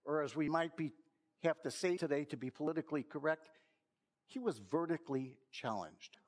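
Man, pastor, slightly higher voice, easygoing storytelling sermon, pokes fun at himself. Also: moderate pace. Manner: storytelling, gently self-mocking. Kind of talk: sermon with an opening joke.

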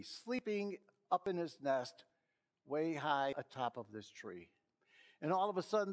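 A pastor giving a sermon, opening with a joke and telling it in an easygoing storyteller's way before turning to a Bible story. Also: male voice, fairly high pitch. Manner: storytelling, gently self-mocking.

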